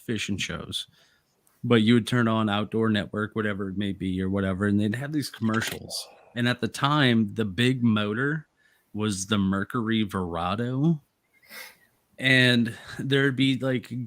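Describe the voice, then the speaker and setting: Low-voiced man telling a rambling story. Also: a bit bright, dry recording. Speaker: co-host of a live fishing stream. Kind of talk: casual chat.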